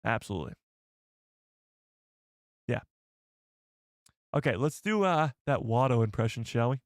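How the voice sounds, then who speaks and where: A man hosting a casual live stream, excitable and rambling as he reads the chat. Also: medium pitch, measured pace, no echo, clean studio sound.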